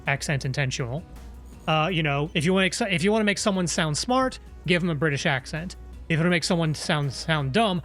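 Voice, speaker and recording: A man streams a video game and talks it through in a chatty, musing way. His voice sits a little higher than most men's. Soft game music plays under him. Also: lively intonation, brisk. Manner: chatty, musing, playful asides. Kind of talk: live gameplay commentary.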